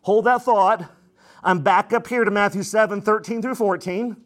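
A man with a high-pitched voice preaches a sermon. His delivery is emphatic and dramatic, and he acts out the voices of the people he quotes. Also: steady tone, normal speed. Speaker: pastor.

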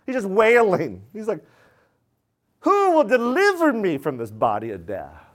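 A man preaching with a lively, swooping delivery, his somewhat high voice leaping up for emphasis and dropping low for asides. He talks to the congregation in a folksy way and acts out short bits of dialogue in quick put-on voices. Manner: animated, shifts between loud bursts and low asides, puts on quick voices. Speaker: pastor. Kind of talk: sermon.

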